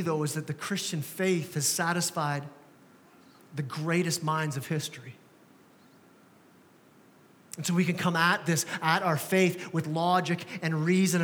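A male pastor with a high-pitched, steady, fairly bright voice preaches at normal speed in a church sanctuary that gives a big-room sound. He keeps things conversational and jokes at his own expense.

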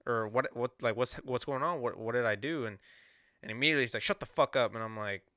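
A man's voice: mid-range voice, fast, sharp tone, dry recording, studio quality. A young man casually retelling a story on a podcast, profane and rambling, acting out what people said.

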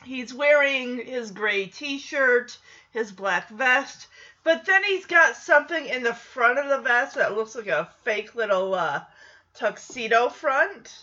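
A woman's voice: on the high side, animated, takes it slowly, pushed and bright, highs cut off. A woman giving a chatty, casual recap of a TV episode, laughing often and acting out quoted lines. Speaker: show recapper.

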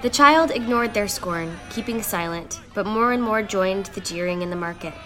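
Woman narrating a dark fable. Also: medium pitch, moderate pace. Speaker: storyteller. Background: music.

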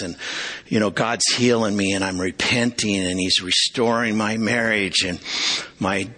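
A middle-aged man preaching a testimony sermon to a congregation, earnest and confessional, with halting restarts. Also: lowish voice, pushed and bright, breathy edge.

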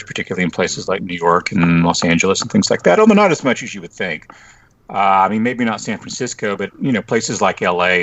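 A middle-aged man from the Texas Panhandle, a journalist guest chatting casually on a podcast, wry and lively, full of "you know" fillers. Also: sits low, highs cut off.

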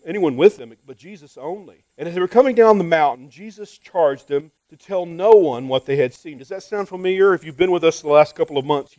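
A man's voice: sits high, dry recording, rough recording. A male pastor preaching a conversational sermon to his church, often asking rhetorical questions and repeating words.

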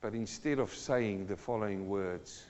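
A man's voice: unhurried, lo-fi sound. Impassioned preacher man in an echoey church. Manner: impassioned, swings between low earnest talk and loud declarations. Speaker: pastor. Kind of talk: sermon.

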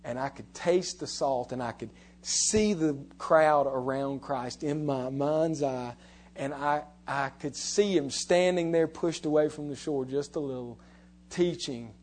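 A man's voice: a little high, measured pace, a little mellow. A man preaching a sermon as pastor, retelling a story earnestly and rising to emphatic appeals.

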